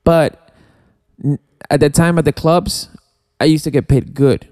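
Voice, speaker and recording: Mellow, smooth man speaking haltingly. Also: on the high side, steady tone. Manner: halting, many restarts and "you know". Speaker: guest DJ. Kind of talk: casual studio chat. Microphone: studio mic.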